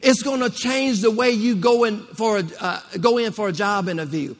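In a church, a man preaches a rousing sermon to his congregation, repeating phrases and calling for responses. His voice sits high and moves at a moderate pace, carried by the long reverb of the church hall.

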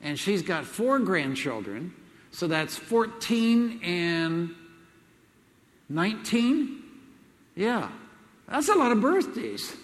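A man's voice: high-pitched, very animated, takes it slowly, long pauses. Older man telling jokes in a reverberant hall. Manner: folksy, chuckling storyteller with many fillers. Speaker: speaker at a Christian event. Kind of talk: joke-telling seminar talk. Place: large hall with audience.

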